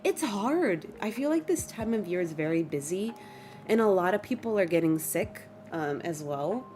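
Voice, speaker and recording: Streaming from home with faint music in the background, a young woman chats casually and expressively with her viewers, mixing in Spanish phrases. She's self-mocking and dramatic about small things, her medium-pitched voice animated, darkish and at normal speed, with slight background noise.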